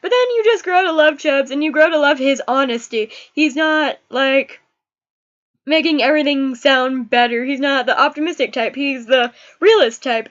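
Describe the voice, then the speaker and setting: High-voiced young woman gushing over a book. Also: muffled recording. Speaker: book reviewer. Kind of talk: casual book review chat.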